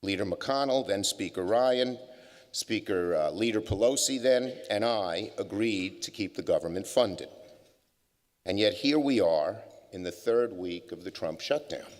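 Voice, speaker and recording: A man's voice: lowish voice, lively intonation, measured pace. An older man giving a public speech at a business forum, telling wry anecdotes with plenty of fillers. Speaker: keynote speaker. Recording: long hall reverb.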